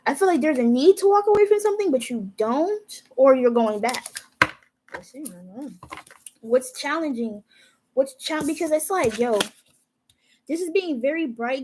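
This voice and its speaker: High-voiced casual profane tarot reader woman. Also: a little mellow, rough recording. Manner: casual, profane, talks straight to viewers.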